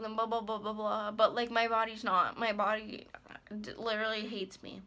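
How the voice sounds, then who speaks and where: Speaking at normal speed in a level, bright and forceful mid-range voice, a twenty-something woman rambles hesitantly through a personal vlog. Fillers pile up and her thoughts trail off. The ASMR creator is clearly worried and upset.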